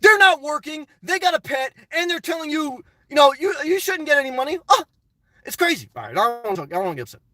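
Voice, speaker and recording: A man's voice: extremely high pitch, big pitch swings, quick pace, bright, forceful tone, no echo, recorded from a distance. A middle-aged man hosting a casual live stream, answering chat in a blunt, opinionated, rambling way.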